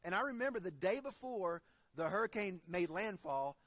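A man's voice: high voice, expressive, normal speed, fairly bright tone, no room sound. A man in his forties preaching a sermon, earnest and building to emphatic stresses, weaving personal stories into his point. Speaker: pastor.

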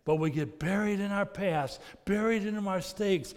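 A man preaching a sermon as pastor, earnest, moving between loud emphasis and soft, intimate passages. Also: high voice, normal speed. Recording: long reverb of a large hall.

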